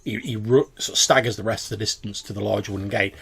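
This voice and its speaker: A man runs a tabletop game, narrating scenes with plenty of stops and fillers. His low voice is gravelly and a little husky. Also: fairly even intonation, fairly bright tone. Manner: halting narration with many fillers. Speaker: game master.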